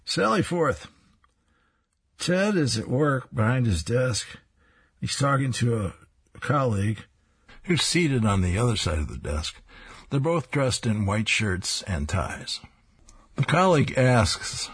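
A man's voice: mid-range voice, big pitch swings, slow pace, long pauses, slightly rough. A man reading comic strips aloud and describing each panel, chuckling between strips.

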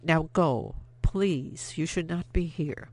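An audiobook narrator voicing a German army captain who speaks in a low, restrained and formal way. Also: takes it slowly. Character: German army captain, courteous but firm.

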